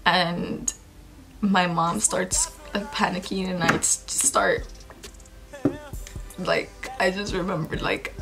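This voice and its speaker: A woman in a vlog, recounting a personal loss in a halting, emotional way, full of fillers and restarts. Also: fairly low pitch, flat delivery, gravelly, over music, rough recording. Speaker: vlogger. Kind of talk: personal storytelling.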